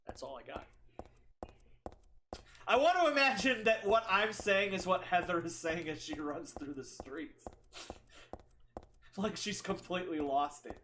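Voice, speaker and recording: A woman's voice: medium pitch, background noise. A woman streamer giving casual, joking let's play commentary, chatty and laughing often.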